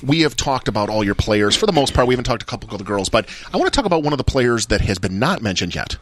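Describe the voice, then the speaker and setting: A man hosting a casual podcast chat, telling stories quickly and acting out the dialogue. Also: medium pitch, very animated, a bit bright, slight background noise. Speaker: podcast host.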